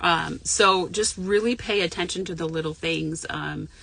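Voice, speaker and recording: A woman's voice: lowish voice, a little slow, gravelly, a bit bright, breathy edge. A woman who works as a spiritual medium, talking casually from her parked car in a frank, profane, rambling way with lots of fillers. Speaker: intuitive medium and spiritual mentor. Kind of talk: casual live chat to viewers.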